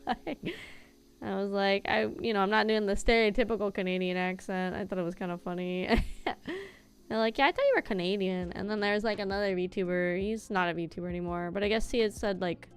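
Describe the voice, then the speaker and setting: A woman's voice: medium pitch, fairly even intonation, moderate pace, clear, resonant tone. A young adult woman streaming, chatting casually and at length while she plays, with easy rambling and casual swearing. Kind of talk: casual chat while gaming.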